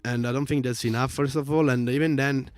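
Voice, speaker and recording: A man's voice: mid-range voice, fairly even intonation, brisk, no room sound. A man from Italy, a native Italian speaker with a strong Italian accent, chatting casually on a livestream in a rambling, earnest way with many fillers. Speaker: stream co-host. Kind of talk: casual chat.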